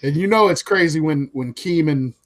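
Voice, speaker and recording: A man in casual podcast chat, excitable and chatty. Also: a little high, normal speed. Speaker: podcast host.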